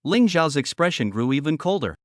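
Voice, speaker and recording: A male narrator with a fairly high, lively voice reads a story in a dramatic, expressive scripted way. The recording is close and completely dry. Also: a little fast, no echo.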